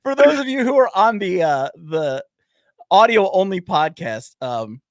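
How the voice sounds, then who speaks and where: A man's voice: high voice, sing-song, unhurried, no room sound, clean studio sound. A man co-hosting a backpacking podcast livestream, talking in an upbeat, rambling, casual way and hyping up his guest. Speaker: podcast co-host.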